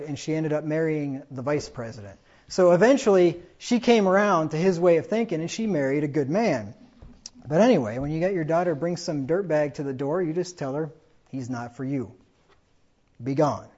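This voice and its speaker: A man with a mellow voice on the high side delivers a chatty sermon, captured in lo-fi sound. He keeps tacking on "right?" and performs the characters' lines in his stories.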